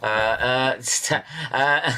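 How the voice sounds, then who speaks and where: A man's voice: medium pitch, extremely slow, pushed and bright, a little hiss or hum. A man with a London accent co-hosting a football podcast, joking and teasing in casual, crude banter. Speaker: podcast co-host.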